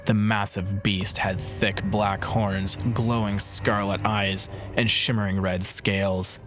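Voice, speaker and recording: A man narrates a fantasy audiobook with measured, dramatic delivery. His voice sits fairly low. Music plays under the narration throughout. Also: flat delivery, fairly bright tone. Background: background music.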